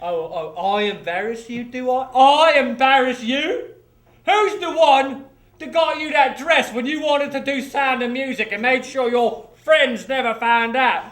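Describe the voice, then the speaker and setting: Man doing a crotchety deaf old father, crude and rambling, high bright voice, echoey video call. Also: a little slow. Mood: indignant. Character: crotchety old father, former miner, hard of hearing. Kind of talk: comedy sketch acting.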